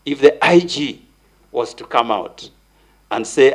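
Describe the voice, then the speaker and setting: Older Kenyan man, gravelly voice, emphatic preacher's cadence, answering a vetting committee. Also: medium pitch, very animated, normal speed, rough recording. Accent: Kenyan English. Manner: preacherly, emphatic, repeats key words. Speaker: nominee at a parliamentary vetting. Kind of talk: formal testimony before a committee.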